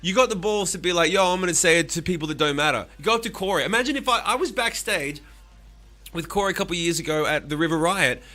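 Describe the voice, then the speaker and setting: A man in his forties, a musician streaming live, talking casually with animated, profane rants and answering chat. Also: sits high, quick pace.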